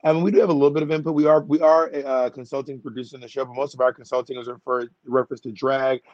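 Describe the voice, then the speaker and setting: A man's voice: medium pitch, flat delivery, fast, a little mellow, no echo, highs cut off. A man who is a drag performer, chatting playfully as a guest in an interview, joking about himself. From United States. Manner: playful, self-mocking, talkative. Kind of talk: casual interview chat.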